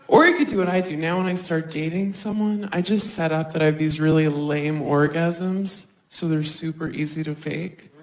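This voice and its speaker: A woman works a live stand-up set into a handheld mic, chatty and animated. She keeps darting into quick put-on voices for other people as she tells her bits. The sound carries a roomy stage echo, with a faint hum of noise behind her. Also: fairly low pitch. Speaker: stand-up comedian.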